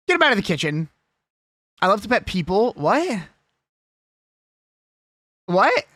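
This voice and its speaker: Streamer, casual live chat, jokey and combative, animated delivery, dry sound. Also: mid-range voice, moderate pace, pauses often, no room sound. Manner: ranting, swearing, argumentative; rambling, jokey.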